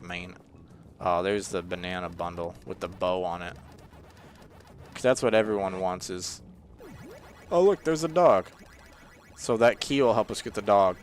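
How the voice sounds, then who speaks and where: Young male gamer, loose rambling commentary, somewhat low voice, faint hiss. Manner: rambling, jokey, easily frustrated, many fillers. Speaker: gaming channel host. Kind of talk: casual let's-play commentary.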